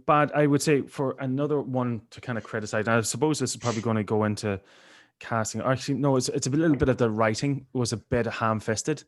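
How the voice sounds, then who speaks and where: A man co-hosting a casual film podcast, animated and acting out reactions. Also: medium pitch, fast talker. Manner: animated, acts out reactions with big voices. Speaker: podcast co-host. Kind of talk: casual chat over video call.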